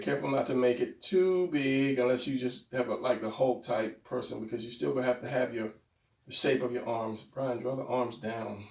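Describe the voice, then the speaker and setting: A man teaching anatomy drawing in a casual, rambling way, thinking aloud as he sketches. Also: medium pitch. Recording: roomy, mic far from speaker.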